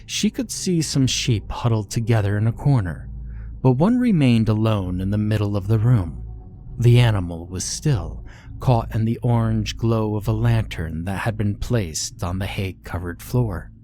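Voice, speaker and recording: A man reading a horror story aloud in slow, measured scripted narration. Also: fairly low pitch, lively intonation, mellow.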